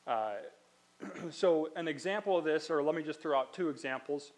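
A man's voice: on the high side, moderate pace, poor audio. A conversational man preaching a sermon. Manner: conversational, explains step by step with asides. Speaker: pastor.

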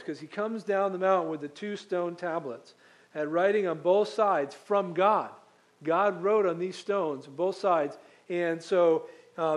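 A man preaching a conversational Bible-teaching sermon, walking through scripture with frequent ums and restarts. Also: sits high. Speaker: pastor.

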